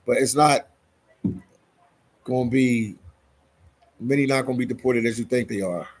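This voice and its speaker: A man's voice: medium pitch, moderate pace, husky. A man from Philadelphia hosting a casual live stream, reading out viewer comments in a laid-back way and often saying "man". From Philadelphia, USA. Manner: laid-back, keeps tacking "man" onto sentences.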